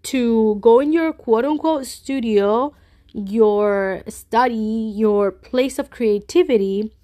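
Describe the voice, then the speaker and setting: A woman's voice: fairly high pitch, takes it slowly, mellow. Stuffy-nosed woman, earnest and reassuring. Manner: reassuring, earnest, speaks to listeners directly. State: stuffy, congested. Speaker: podcast host. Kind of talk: casual solo talk.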